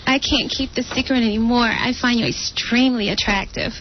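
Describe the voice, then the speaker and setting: A flirty seductress, read aloud by a woman in a flat, read-off-the-page way. Her voice sits a bit high. The sound is dull, with faint noise behind it. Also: fairly quick, lightly acted. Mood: reading seduction. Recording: dull radio studio sound.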